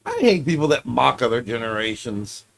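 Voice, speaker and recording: A man's voice: mid-range voice, sing-song, moderate pace, vocal fry, a little hiss or hum. A man streaming casually, reacting to clips with offhand, profane commentary.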